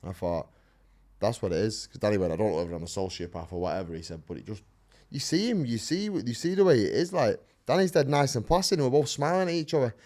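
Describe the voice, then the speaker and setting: A man who fights bare-knuckle, talking in a casual interview, swearing freely and telling animated stories in which he acts out what people said. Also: mid-range voice, fast talker.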